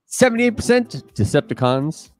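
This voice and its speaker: A man's voice: on the high side, sing-song, normal speed, a little mellow, soft background music. A man co-hosting a live-streamed quiz, reading questions and options aloud in a playful way. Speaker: quiz co-host.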